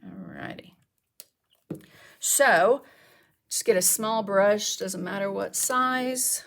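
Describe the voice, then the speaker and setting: During a casual live craft demo, a woman explains mixed media art techniques and takes questions from viewers. She speaks slowly at a medium pitch with vocal fry, and there's slight background noise.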